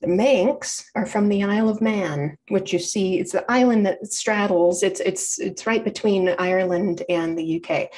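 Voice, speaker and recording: A woman presents a library talk in a friendly, conversational way. She explains as she goes, circles back to fix her own wording and keeps things light. Her pitch sits in an ordinary middle range. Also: unhurried, few pauses, a little mellow. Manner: chatty, explanatory, frequent self-corrections. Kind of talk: informal public lecture.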